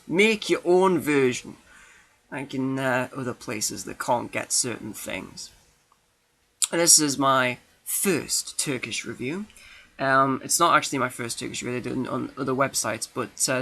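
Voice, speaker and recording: Man, film reviewer, casual spoken review, rambling, self-correcting, lots of ums, bright tense voice. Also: medium pitch, rough recording.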